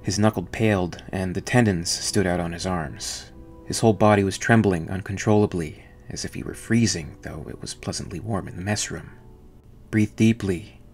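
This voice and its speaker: A man narrating a novel in an even, measured audiobook reading. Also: deep voice, soft background music.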